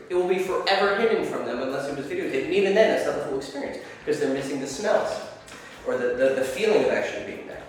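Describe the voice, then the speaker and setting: A man's voice: high voice, slight background noise. A man teaching dating advice to camera, swearing freely and acting out his examples. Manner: profane, demonstrative, acts out examples. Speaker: dating coach. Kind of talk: instructional talk to camera. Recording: echoey hall, far from mic.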